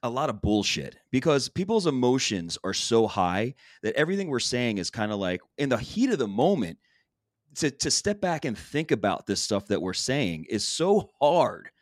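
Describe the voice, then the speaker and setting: A man's voice: medium pitch, big pitch swings, normal speed, no room sound, studio quality. A man co-hosting a podcast, talking in a rambling, candid way and swearing casually. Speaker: podcast co-host. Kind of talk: casual chat.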